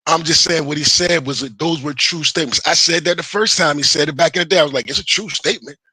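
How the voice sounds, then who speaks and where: A man's voice: fairly high pitch, fast talker, bright, forceful tone, breathy edge, no echo, poor audio. A man hosting a livestream, ranting to his chat in a heated, defensive way, swearing and repeating himself. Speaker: livestream host. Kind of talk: casual livestream rant to chat.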